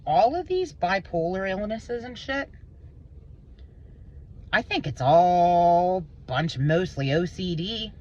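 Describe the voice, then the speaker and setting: A woman pours out an emotional, rambling vlog monologue, intense and profane, her pitch swinging up and down. She sounds animated but slow, and the tone is darkish with the highs cut off.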